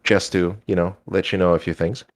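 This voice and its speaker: A man narrating a tabletop role-playing game as game master, in a relaxed, rambling way. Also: low-pitched, fairly quick.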